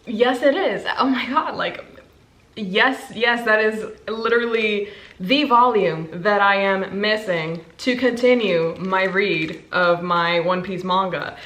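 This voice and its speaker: Book vlogger, woman in her 20s, gushing and excitable, mid-pitched, echoey room. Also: a little hiss or hum. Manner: bubbly, gushing, quick bursts of excitement. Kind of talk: casual chat to camera.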